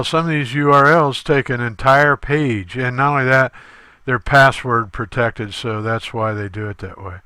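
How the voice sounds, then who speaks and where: A male instructor talking through a screen-recorded tutorial step by step, halting often with fillers. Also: medium pitch, bright, forceful tone, clean tone, no room sound.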